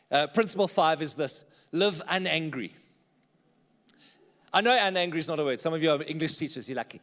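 A man's voice: on the high side, expressive, normal speed, fairly bright tone, long reverb tail. A man preaching a sermon in church, conversational and often checking in with the congregation. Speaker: pastor.

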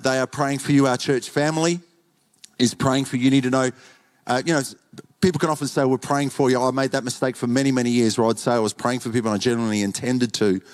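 An Australian man speaks to a church congregation as guest pastor. His delivery is chatty and enthusiastic, full of greetings, in a large auditorium. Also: medium pitch. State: recovering from illness. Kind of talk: sermon greeting.

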